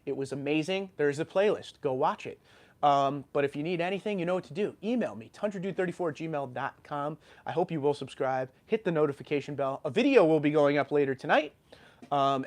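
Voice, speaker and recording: A man's voice: fairly high pitch, a little fast. A man from New York hosting a livestream, ranting animatedly and reading viewer comments, with a sore throat after being sick. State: sore throat, just recovered from illness. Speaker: YouTube channel host.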